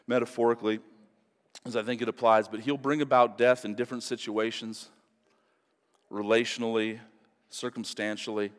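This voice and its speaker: A male pastor preaching a sermon, animated, acting out quotes in different voices. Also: medium pitch, long reverb tail.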